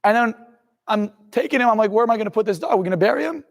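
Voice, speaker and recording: A man's voice: high-pitched, expressive, very fast, gravelly. A young man in his twenties, a motivational speaker and hypnotist, telling his own life story in an intense, blunt way with some swearing. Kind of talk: personal life story told to camera. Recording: long reverb in the room.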